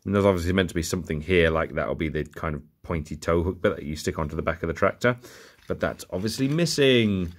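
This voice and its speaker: A fast-talking young man with a low-pitched voice jokes his way through a bag of old toy cars. He's a toy collector vlogger giving casual unboxing commentary, rambling and muttering asides throughout.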